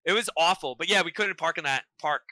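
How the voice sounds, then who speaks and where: A man chatting casually as a podcast guest, telling a story with lots of profanity and slang and plenty of excitement. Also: a little high, quick pace, dry recording, poor audio.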